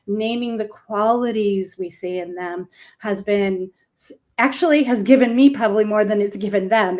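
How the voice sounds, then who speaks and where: A woman's voice: mid-range voice, a little mellow. Enthusiastic woman guest in reflective chat. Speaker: panel guest.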